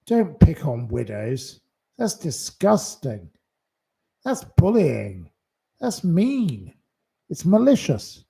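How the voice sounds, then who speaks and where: Channel host, male, slow, indignant scolding rant. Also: on the high side, creaky, dark tone. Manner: indignant, scolding, hurling insults. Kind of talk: angry livestream rant.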